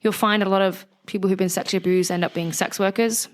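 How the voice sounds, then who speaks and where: A young woman with a West Country English accent speaks as an interview guest, telling her story frankly and with animation. She swears freely and doesn't soften anything. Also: mid-range voice, fairly even intonation, fast talker. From West Country, England. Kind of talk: candid interview conversation.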